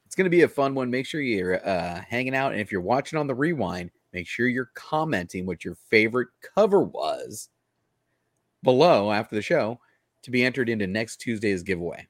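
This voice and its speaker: A man's voice: mid-range voice, animated, normal speed, no echo, clean studio sound. A man co-hosting a live stream, upbeat as he welcomes viewers and runs through listings. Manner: upbeat, reads collectible listings. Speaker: co-host. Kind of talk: casual live-stream chat.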